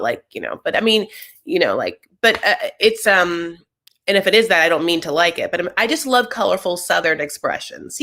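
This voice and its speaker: A woman's voice: fairly low pitch, a bit bright. A young adult woman hosting a casual TV recap, chatty and sassy with rambling asides. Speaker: host.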